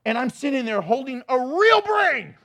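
Lively high-voiced man preaching. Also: normal speed. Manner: animated storytelling, mimics voices, laughs often. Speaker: pastor. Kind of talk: sermon.

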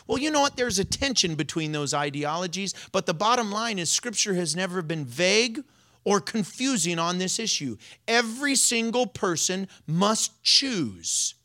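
A pastor giving a sermon in a playful, animated way, often breaking into laughter while explaining scripture. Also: mid-range voice.

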